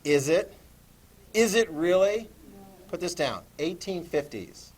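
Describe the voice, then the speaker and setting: A middle-aged man teaching a history lesson to a class, animated, asking questions and acting out voices. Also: high voice, slow. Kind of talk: classroom lecture.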